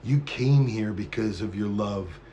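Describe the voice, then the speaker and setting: A man's voice: fairly low pitch, measured pace, warm tone, slight background noise. A man hosting a live stream, rambling in a profane, conspiratorial monologue to his chat.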